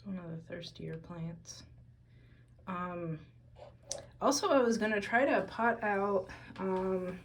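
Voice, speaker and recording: A tired woman talking casually about her houseplants, soft and meandering with many fillers. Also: medium pitch, slow, slight background noise, low-quality recording. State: tired, out of breath. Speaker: vlogger. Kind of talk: casual plant-care vlog. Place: home among houseplants, indoors.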